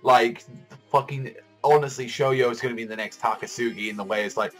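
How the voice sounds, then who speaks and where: Excitable, foul-mouthed man reacting to manga. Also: medium pitch, a little fast, soft background music. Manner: excitable, profane, rambling with many fillers. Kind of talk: casual reaction commentary.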